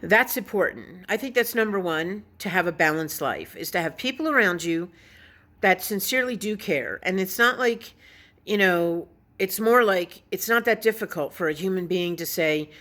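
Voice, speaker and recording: A woman's voice: lowish voice, expressive, moderate pace, a bit bright. A woman vlogging casually, telling a story in a blunt, opinionated way and swearing now and then. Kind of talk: casual vlog monologue.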